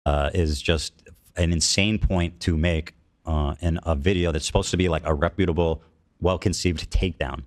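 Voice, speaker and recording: A man's voice: low voice, steady tone, moderate pace. A man on a podcast, sarcastic and mocking as he banters, heard in a played clip.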